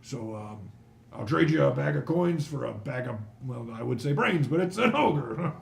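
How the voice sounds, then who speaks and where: A man voicing a male dwarf constable of the city watch, drawn-out and wry, in a tabletop game. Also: mid-range voice, lively intonation, gravelly, echoey room, a little hiss or hum, voice pushed up.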